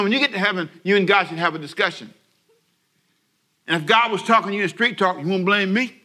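A man's voice: high-pitched, pushed and bright. A man preaching a radio sermon with lots of energy. He uses call-and-response and acts out little scenes for his listeners. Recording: broadcast radio sermon from a church service.

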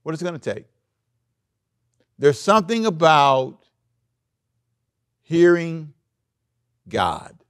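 A male pastor preaching a sermon, animated, acting out the scripture story with big swings in loudness. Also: on the high side, slow pace, pauses often, smooth, dry recording, studio quality.

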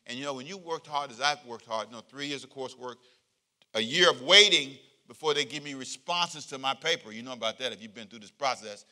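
With a medium-pitched voice and a fairly quick pace, a male pastor preaches a conversational sermon. He is animated and jokey, leading his congregation through call-and-response.

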